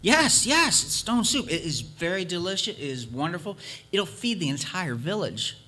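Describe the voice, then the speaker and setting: A man's voice: high-pitched, big pitch swings, moderate pace, sharp tone, full character voice. A man voicing a cheerful male traveler who coaxes villagers into his stone soup with eager salesman patter.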